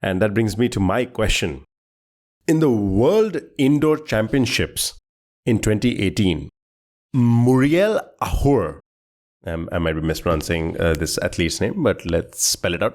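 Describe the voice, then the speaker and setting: Man, low pitch, quiz podcast co-host, casual chat, rambling, laughs between words. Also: lively intonation, a little slow, darkish tone.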